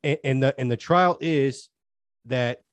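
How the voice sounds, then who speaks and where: A man co-hosts a casual podcast, speaking at an ordinary middle pitch in long, earnest runs of thought that wander and trail off. His voice sounds dry and close, with little room around it. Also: measured pace, dry recording. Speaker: podcast co-host. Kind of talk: casual chat.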